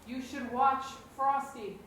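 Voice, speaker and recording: An actress playing a stern middle-aged woman who owns a bar and speaks quietly to her son. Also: sits high, fairly even intonation, slow pace, a little hiss or hum. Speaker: bar owner and mother. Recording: echoey room, mic at a distance.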